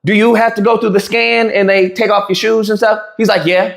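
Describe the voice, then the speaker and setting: Man, high voice, storytelling rant, acts out quotes, echoey room. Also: fairly quick, vocal fry, soft background music. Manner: animated, acts out quoted lines, frequent restarts. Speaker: streamer telling a story.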